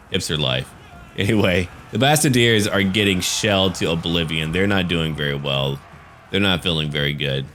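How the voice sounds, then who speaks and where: Low-voiced, jokey game commentator man. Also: fairly bright tone, a little hiss or hum. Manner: casual, jokey, chatty. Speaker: gaming channel host.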